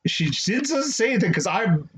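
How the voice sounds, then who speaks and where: A man's voice: sits high, big pitch swings, moderate pace, a loud crowd. A man co-hosting a podcast, telling a story in casual chat and laughing often. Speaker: podcast co-host. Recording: dull lo-fi audio, faint hiss.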